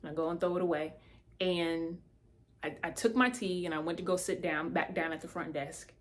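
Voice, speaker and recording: A woman telling a personal testimony in a casual, animated way, speaking straight to her listeners. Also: on the low side, fairly quick.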